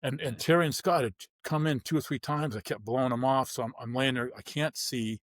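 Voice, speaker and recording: A man's voice: medium pitch, a little fast, no echo. A man telling his story bluntly in an interview, acting out the people he quotes. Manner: vivid, blunt storytelling with acted-out dialogue. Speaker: guest, former pro football player.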